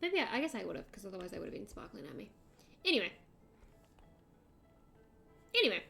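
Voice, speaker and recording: An Australian woman streaming a game, chatting casually in an excitable, rambling way. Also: mid-range voice, rapid-fire, vocal fry, soft background music. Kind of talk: casual chat while gaming.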